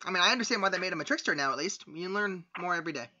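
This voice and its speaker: Brief: very bright, higher-pitched man, inquisitive podcast co-host, lo-fi mic. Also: animated. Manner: inquisitive, quick questions and suggestions. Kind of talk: casual podcast chat about video games. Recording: dull lo-fi mic.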